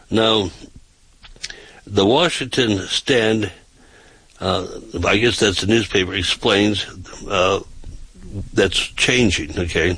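A man hosting a talk show, making announcements and reading news aloud with casual asides, often pausing on filler sounds and restarting his sentences. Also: fairly low pitch, gravelly, bright, forceful tone, slightly rough, no room sound, low-quality recording. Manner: halting, with frequent uh fillers and restarts.

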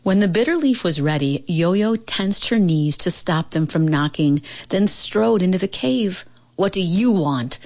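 A woman reads a children's storybook aloud, telling it with expression and a measured pace. Her voice sits a little low for a woman. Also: animated, darkish tone. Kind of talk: storybook read-aloud narration.

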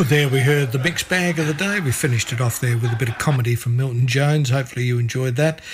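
A male radio presenter with a mid-pitched voice, back-announcing the last few tracks. He keeps it chatty and easygoing, like he's talking to regular listeners.

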